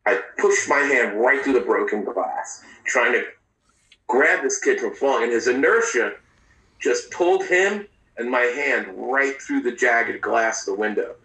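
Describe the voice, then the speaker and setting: Man, mid pitch, halting and profane storyteller, heard from a distance in an echoey room. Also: lively intonation, sharp tone. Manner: candid, halting, profane, with frequent restarts. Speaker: interview guest. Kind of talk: personal storytelling in a podcast interview. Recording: roomy, distant mic.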